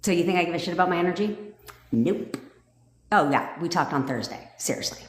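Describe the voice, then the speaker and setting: A woman coaching viewers on a casual livestream, blunt and profane and quick to laugh as she greets people and cheers them on. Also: fairly low pitch, lively intonation, roomy sound. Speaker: manifestation coach hosting a livestream.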